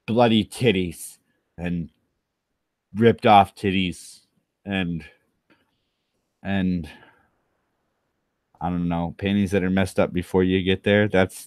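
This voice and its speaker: A slightly drunk man rambles in a low, unhurried voice, drifting into crude jokes and poking fun at himself. His delivery is loose and meandering. The sound is dry and close, with no room around it. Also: darkish tone, no echo. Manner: meandering, self-mocking, crude asides. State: tipsy from rum. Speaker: channel host. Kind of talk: rambling solo commentary.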